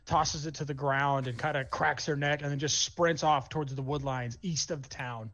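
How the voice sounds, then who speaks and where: A man narrating as game master of a tabletop game, casual and halting with many fillers. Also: a little high, fairly even intonation, a bit bright.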